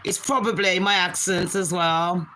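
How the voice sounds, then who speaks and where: A British woman in her forties hosting a casual live stream from her bedroom, talking fast and swearing freely as she chats to her viewers and calls them babes. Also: on the low side, fairly even intonation, sharp tone, a little hiss or hum, low-quality recording. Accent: British English.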